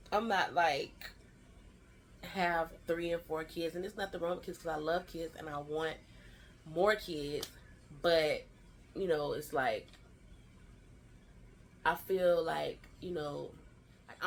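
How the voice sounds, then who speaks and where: Chatty woman vlogger, lowish voice. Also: slow, long pauses, slight background noise. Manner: animated storytelling, acts out quoted family lines; chatty and slangy, fillers like "child" and "y'all". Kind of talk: storytime vlog.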